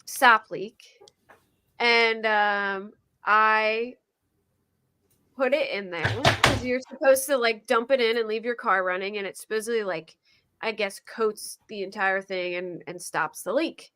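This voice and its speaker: A woman's voice: mid-range voice, unhurried, sharp tone, a little hiss or hum. Chatty Philadelphia woman telling a story. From Pennsylvania. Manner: chatty and rambling, laughs often, says "like" a lot. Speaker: panelist. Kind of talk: casual storytelling on a live panel.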